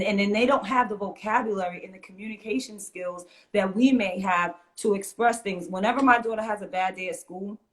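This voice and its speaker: A middle-aged woman, a mother and teacher, talking earnestly in an interview and acting out what she says to kids. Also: mid-range voice. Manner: earnest, animated storytelling, acts out quotes. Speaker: guest, fitness teacher and mother. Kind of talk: conversational interview.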